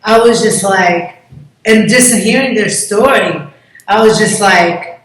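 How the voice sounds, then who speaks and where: An effusive woman chats as an interview guest, acting out bits of conversation. Her voice sits at an ordinary middle pitch. The room rings with heavy echo. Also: takes it slowly. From Brazil. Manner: effusive, acts out quoted dialogue. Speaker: contest promoter, interview guest. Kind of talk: casual interview chat. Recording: very echoey room.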